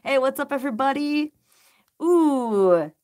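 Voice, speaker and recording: A woman's voice: high-pitched, lively intonation, measured pace, a little mellow. A woman hosting a casual game live stream, upbeat and easygoing, greeting viewers by name and chatting between moves. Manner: laid-back slang like "rock on" and "baby".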